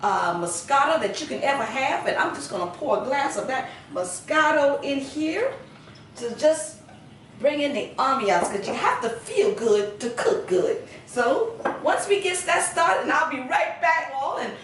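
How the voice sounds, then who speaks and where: A woman's voice: high voice, sing-song, measured pace, recorded from a distance, a little hiss or hum. A middle-aged Southern woman hosting a casual cooking video in her home kitchen, chatty and homey, full of sayings. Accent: Southern American. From Southern United States. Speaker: cooking channel host. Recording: roomy kitchen sound from the camera, a little off-mic.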